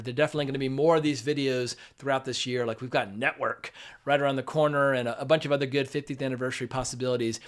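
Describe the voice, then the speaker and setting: Congested man with a nasal voice. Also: mid-range voice. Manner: thoughtful, conversational, some restarts while musing. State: sick with a head cold, congested. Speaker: film reviewer. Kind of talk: casual spoken film review.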